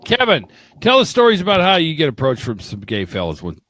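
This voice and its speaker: Podcast guy cracking up and teasing, higher voice, bouncy, dry sound. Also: huge pitch swings, brisk, a bit bright, slight background noise. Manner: reactive, laughing, teasing. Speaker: podcast co-host. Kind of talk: casual banter.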